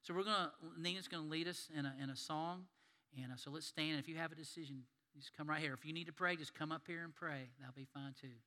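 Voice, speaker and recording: Pastor, folksy and emphatic, bright pushed tone, long hall reverb. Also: male voice, on the high side, steady tone, quick pace. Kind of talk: sermon. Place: church sanctuary.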